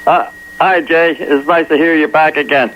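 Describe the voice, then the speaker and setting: Talk radio caller, man, high voice, hesitant and stumbling, muffled old broadcast with faint hiss. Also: steady tone. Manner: halting, many fillers. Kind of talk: phone-in call.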